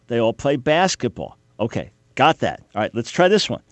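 A man's voice: medium pitch, animated, unhurried, no room sound. A man hosting a talk radio show, delivering an emphatic, opinionated monologue with sarcastic rhetorical quizzes for his listeners.

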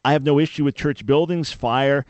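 A man's voice: mid-range voice, fairly even intonation, moderate pace, no echo, muffled recording. Emphatic preaching radio host man. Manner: emphatic, preacherly, quotes scripture. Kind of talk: Christian talk radio teaching.

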